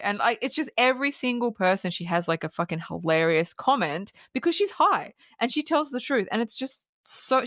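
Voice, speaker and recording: A woman's voice: mid-range voice, a little fast, hardly any pauses, no room sound, studio quality. A woman co-hosting a podcast, casually recapping a film scene by scene, acting out the characters' lines and swearing freely. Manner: animated storyteller who acts out quotes and swears freely. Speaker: podcast co-host.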